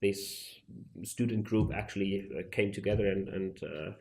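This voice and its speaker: A man with a fairly low voice gives academic answers in an interview. He speaks deliberately and stops often to find the right phrase, like a professor weighing each point. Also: vocal fry, mellow. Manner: measured, deliberate, searching for words.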